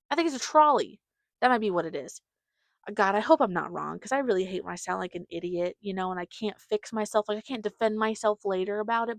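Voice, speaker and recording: A woman's voice: medium pitch, fairly bright tone, dry recording. A woman hosting a podcast, telling a rambling, chatty story and acting out what her family said. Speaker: podcast host. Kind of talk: casual storytelling monologue.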